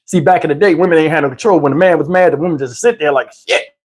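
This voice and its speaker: A middle-aged man from New Jersey telling a comic story in a casual, animated, profane way, talking to listeners as y'all. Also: a little high, quick pace.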